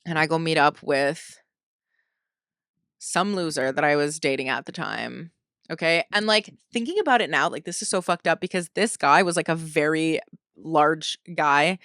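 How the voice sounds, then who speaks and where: A young woman hosting a podcast, telling a story in a casual, animated way, filled with "like" and swearing. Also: sits low, moderate pace, clear, resonant tone, dry recording, clean studio sound. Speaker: podcast host.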